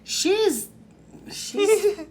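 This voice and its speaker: A woman co-hosting a podcast, chatting in a relaxed, agreeable way, with faint background noise. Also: very high-pitched, extremely slow. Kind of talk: casual chat.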